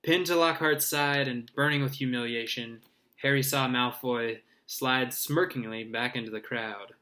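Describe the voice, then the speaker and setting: A man's voice: medium pitch, steady tone, a little slow, sharp tone. A man reading a novel aloud in an informal way, stumbling, correcting himself and adding his own asides. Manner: informal, with slips, restarts and asides. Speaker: reader.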